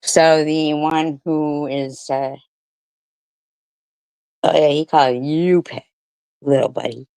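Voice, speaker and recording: Reading comments aloud, this woman streamer answers her critics with profane mockery and sarcastic rhetorical questions. She speaks slowly in a low, smooth, slightly mellow voice with little pitch movement and long pauses. There's no echo.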